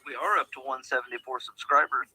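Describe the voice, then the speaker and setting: A man chatting casually over voice chat, relaxed and hesitant. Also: mid-range voice, fast talker, slightly rough, no echo, poor audio. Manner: laid-back, hesitant with fillers. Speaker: voice-chat participant.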